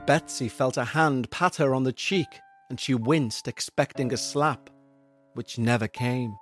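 A man narrating a scripted horror story for a podcast, with a measured, suspenseful delivery. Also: mid-range voice, faint music behind.

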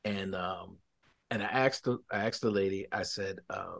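Animated man telling a story. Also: deep voice, moderate pace, gravelly. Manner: animated, acts out quotes, laughs. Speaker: podcast guest. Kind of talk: storytelling testimony.

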